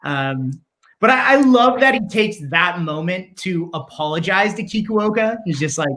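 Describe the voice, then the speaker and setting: A man, a guest voice actor, speaking in an easygoing, measured way in a casual discussion. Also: sits high, expressive, bright, forceful tone.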